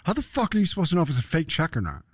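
A man's voice: on the high side, wildly swooping pitch, very fast, husky, no echo, clean studio sound. A man co-hosting a podcast, chiming in with short replies and questions in casual chat. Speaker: podcast co-host.

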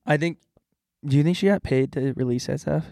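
A man's voice: fairly high pitch, brisk, vocal fry, mellow, no room sound, clean studio sound. A young man co-hosting a casual podcast, joking around and leading a playful mock meditation. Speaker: podcast co-host. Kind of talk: casual chat.

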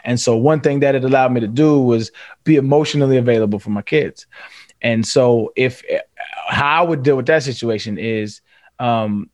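A man's voice: mid-range voice, moderate pace, dry recording. Earnest man, dry close voice. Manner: earnest, reflective, often restarts sentences. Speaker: podcast guest, former pro football player. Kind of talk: candid casual conversation.

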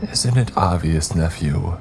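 A man voicing a frail old goat-like creature, a grandmother figure who talks slowly and bluntly in a weak voice. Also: deep voice, animated, creaky, over music, heavily acted. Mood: weary, blunt. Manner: slow, weak, grumbling.

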